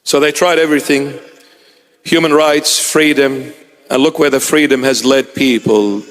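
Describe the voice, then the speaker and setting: A man preaching a sermon in a slow, emphatic way, with dramatic repetition of his phrases. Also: medium pitch, steady tone, a bit bright. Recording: long reverb of a large hall.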